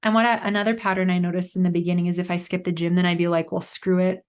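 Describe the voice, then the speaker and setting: A woman's voice: fairly low pitch, flat delivery, very fast, smooth. A woman in her thirties hosting a solo podcast, telling a personal story in a chatty way with lots of fillers. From Canada. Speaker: podcast host. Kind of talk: casual solo podcast monologue.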